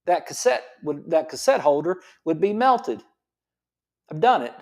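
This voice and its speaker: Middle-aged chiropractor guy lecturing about health, fairly high voice, keeps repeating stuff and asking the crowd "right?". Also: very animated, a little slow, a little mellow. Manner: repetitive, emphatic, full of rhetorical questions. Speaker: chiropractor host.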